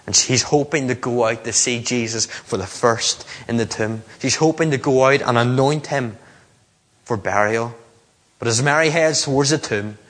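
A man's voice: medium pitch, moderate pace, fairly bright tone. A man preaching a sermon, telling stories and acting out the lines he quotes. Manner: storytelling preacher, acts out quotes. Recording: long hall reverb.

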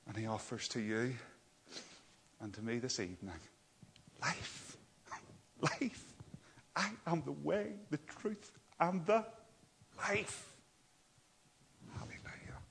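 A man preaching a sermon, dropping to hushed whispers and rising to loud, emphatic cries. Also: medium pitch, measured pace, gravelly, slight background noise.

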